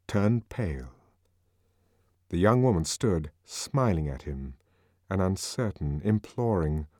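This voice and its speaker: A man's voice: low voice, a little mellow, dry recording, studio quality. A man reading a novel aloud as narrator, in a dramatic, varied manner. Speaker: audiobook narrator. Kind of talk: scripted narration.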